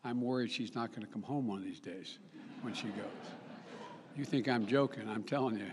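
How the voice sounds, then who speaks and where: A man's voice: mid-range voice, background noise. Older guy giving a speech, stops and restarts a lot, folksy little asides, long echo from a big hall. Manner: halting, with frequent restarts and self-corrections. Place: large summit venue.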